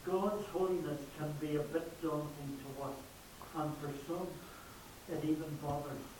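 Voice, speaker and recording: A man preaching a sermon slowly and emphatically, his voice rising on repeated words. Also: a little high, steady tone. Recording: echoey hall from far off, faint hiss.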